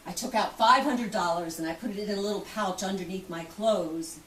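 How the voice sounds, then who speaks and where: A woman's voice: medium pitch, a little fast, a bit bright, natural voice. An actress giving a theatrical first-person monologue as an outspoken, wealthy woman who survived the Titanic, telling the story vividly and acting out the voices of others. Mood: recounting. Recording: roomy, distant, faint hiss.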